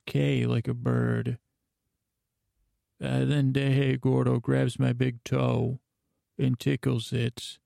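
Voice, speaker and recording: Sleep podcast host, male, gravelly low-energy drone, dark tone, dry close sound, rambles on and on. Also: dry recording. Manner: meandering, slow, mixing in Spanish words and translating them. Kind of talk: rambling bedtime storytelling.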